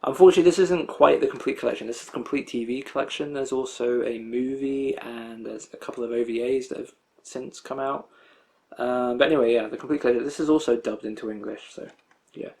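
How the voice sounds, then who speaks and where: A man's voice: medium pitch, fairly even intonation, fairly quick, vocal fry, mellow. A young man talking casually through his collection haul, rambling with lots of fillers and frequent chuckles. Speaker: anime collector showing a disc haul.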